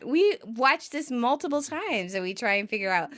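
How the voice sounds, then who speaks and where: Giggly high-voiced woman recapping. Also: moderate pace, a little hiss or hum. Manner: giggly, acts out quoted lines in lively voices. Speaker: podcast co-host. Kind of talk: casual episode recap.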